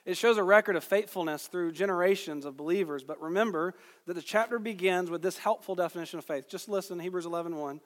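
A man's voice: high-pitched, fast talker, hardly any pauses, big-room sound. A man preaching a sermon, reading scripture aloud and stressing key phrases with emphasis.

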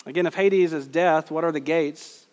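A man preaching a sermon as pastor, earnest and emphatic, slowing down to stress quoted words. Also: on the high side. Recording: long hall reverb.

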